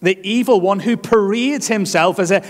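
A man's voice: sits high, normal speed. A man preaching a sermon as pastor, earnest and emphatic, leaning on repeated phrases. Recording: long hall reverb.

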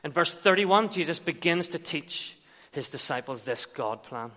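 A man's voice: fairly high pitch, expressive, normal speed, pushed and bright. A man preaching an expository sermon, retelling scenes and acting out quoted dialogue. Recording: long reverb of a large hall.

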